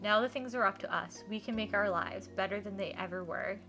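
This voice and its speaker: A woman reading aloud the quiet lines of a gentle, troubled young man in a game. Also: medium pitch, fairly quick, faint music behind, natural voice. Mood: subdued. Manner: quiet, subdued reading of dialogue.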